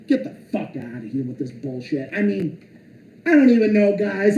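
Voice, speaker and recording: A man's voice: high-pitched, very animated, normal speed, dark tone, dull audio, slight background noise. Exasperated, profane man ranting in a roomy space. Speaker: streamer. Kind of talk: angry rant.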